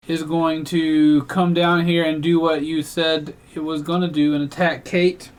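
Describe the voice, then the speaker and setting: A man's voice: on the high side, steady tone, a little slow, few pauses. A man narrating a tabletop game as game master, counting dice rolls and damage aloud. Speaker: dungeon master.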